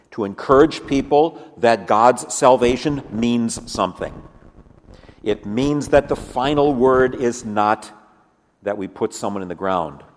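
A man voicing God as a calm, fatherly figure who speaks low and firm. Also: in a large hall, natural voice.

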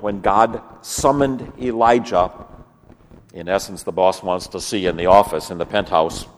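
A man preaching a sermon in earnest, swinging from lively emphasis to hushed, low passages. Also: big-room sound. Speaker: pastor.

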